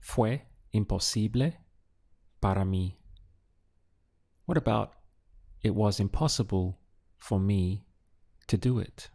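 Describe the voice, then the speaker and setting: In this unhurried audio lesson, a man teaching a language sets up a phrase for translation, waits, and then supplies the answer broken into syllables. He speaks in a low, dark, mellow register with noticeable vocal fry.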